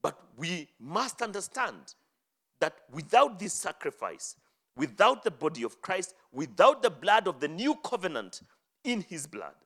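A man preaching a sermon, reading scripture aloud and explaining it, rising to loud emphatic phrases and dropping to low, quiet endings. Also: big pitch swings, a little slow. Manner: dramatic swings from loud high emphasis to low hushed endings.

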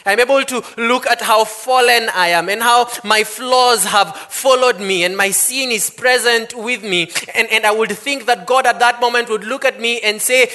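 A man preaching a sermon, reading scripture and then laying out his points with slow, emphatic stress. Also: very high-pitched, pushed and bright. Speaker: pastor.

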